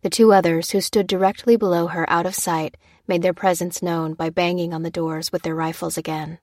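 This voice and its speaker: A woman narrating a thriller audiobook in a steady, measured way. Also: fairly low pitch, no echo, studio quality.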